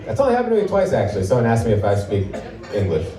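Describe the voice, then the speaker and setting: A man's voice: on the low side, wildly swooping pitch, rapid-fire, a crowd in the background. A man in his thirties from Portland, Oregon, performing a live stand-up comedy set with a wry, offhand, self-deprecating delivery. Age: 30s. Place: comedy club stage with live audience. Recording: roomy live club sound from a distance, audience laughter.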